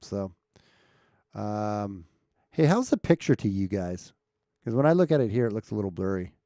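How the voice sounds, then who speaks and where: A man's voice: on the low side, sing-song, normal speed, mellow, dry recording, clean studio sound. A man chatting casually with viewers on a live stream, checking his mic and asking the chat questions as he talks. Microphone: streaming mic at home setup.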